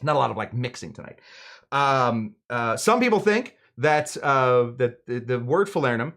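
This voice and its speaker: A man's voice: mid-range voice, expressive, moderate pace, a bit bright. A young adult man hosting a live cocktail show in a casual, rambling, digressive way, often correcting himself as he talks. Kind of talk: casual livestream chat.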